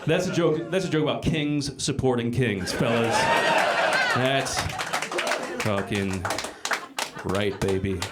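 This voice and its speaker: A middle-aged man doing a live stand-up set in a small comedy club, talking with bursts of loud emphasis. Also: medium pitch, slow, heavy background noise. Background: audience laughter.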